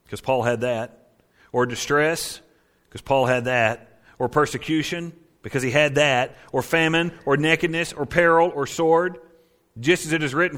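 Guy preaching a sermon, reads scripture, goes soft then loud and punchy, mid-pitched voice. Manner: dynamic preaching, swinging from quiet to emphatic. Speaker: pastor.

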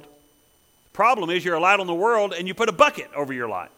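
A man preaching a sermon, emphatic, with rhetorical questions that build to loud peaks. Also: a little high, big pitch swings, fairly quick, poor audio.

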